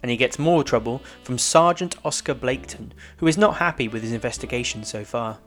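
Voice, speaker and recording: A man's voice: medium pitch, brisk, fairly bright tone, soft background music. A man hosting a podcast, recapping a TV episode in plain, matter-of-fact narration. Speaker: podcast host.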